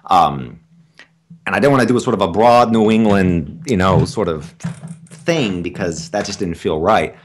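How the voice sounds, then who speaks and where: A male stage actor being interviewed, chatting in an animated, talkative, self-deprecating way. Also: low-pitched, moderate pace, noisy background. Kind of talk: casual interview chat.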